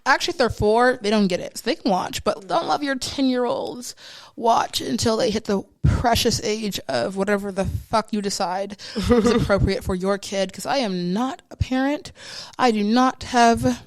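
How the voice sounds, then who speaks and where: A woman with a mid-range voice and normal speed hosts a podcast from a studio. She chats casually, full of playful, dramatic hype and slang.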